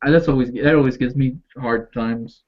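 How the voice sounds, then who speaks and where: A man's voice: mid-range voice, normal speed, dull audio. A man with a New York accent, co-hosting a casual discussion on a video call, talking hesitantly and repeating his words. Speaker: co-host.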